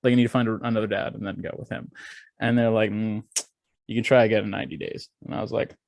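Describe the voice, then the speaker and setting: A young man on a podcast, telling a story in casual chat, animated and profane, acting out the people he quotes. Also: lowish voice, quick pace, gravelly, no room sound. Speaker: podcast co-host.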